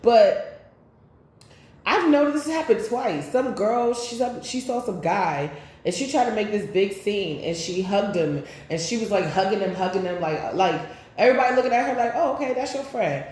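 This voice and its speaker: A woman's voice: mid-range voice, expressive, moderate pace. Echoey, chatty woman tarot reader. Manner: chatty, loose and profane, with sudden loud bursts. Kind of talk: casual spiritual reading and storytime. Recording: very echoey room.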